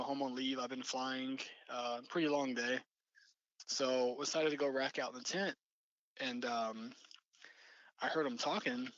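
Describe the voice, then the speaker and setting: Young male storyteller, mid-pitched, loose and rambling, dull dry recording. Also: a bit bright, no echo. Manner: rambling, many fillers and restarts. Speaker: storyteller recounting an encounter. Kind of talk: casual spoken storytelling.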